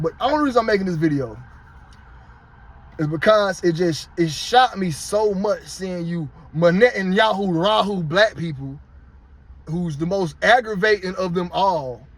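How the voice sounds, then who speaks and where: Blunt, high-pitched man ranting. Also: fairly bright tone, no room sound. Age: 30s. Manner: blunt, heated, profane. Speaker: vlogger. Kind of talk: casual rant to camera.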